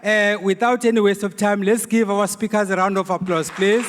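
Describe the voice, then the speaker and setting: A man's voice: high voice, fairly even intonation, normal speed. A South African man emceeing a public dialogue, joking with the audience and hesitating with uhs. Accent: South African English. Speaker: programme director. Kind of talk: event emcee patter. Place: venue hall with audience. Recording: hall reverb with crowd noise.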